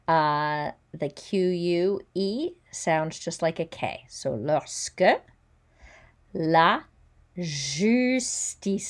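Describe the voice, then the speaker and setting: A woman teacher giving a careful pronunciation lesson. She says each French word slowly and distinctly, then explains it in plain English. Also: deep voice, a little mellow. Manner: sounds out French words slowly and clearly, then explains them. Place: recording at home or in a classroom with a virtual whiteboard.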